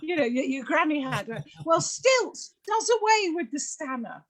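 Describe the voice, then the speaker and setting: A woman's voice: high voice, moderate pace. A woman with a British accent doing chatty, teasing stand-up comedy on a video call. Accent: British English. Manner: chatty, teasing, lively storytelling. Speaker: comedy host.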